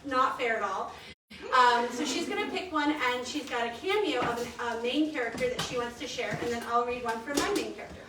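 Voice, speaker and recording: A woman author chatting casually at a live bookstore event, self-deprecating with quick asides. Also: a little high. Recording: echoey room, distant mic, noise.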